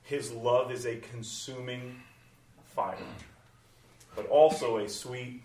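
A man preaching a sermon, animated, moving between loud exclamations and soft hushed passages. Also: medium pitch, slow pace. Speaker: pastor. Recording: roomy, from far off the mic.

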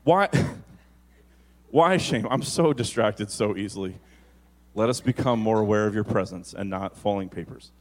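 Preaching a sermon, a pastor with a lowish, darkish-toned voice shifts from quick storytelling to slow, drawn-out emphasis on key phrases.

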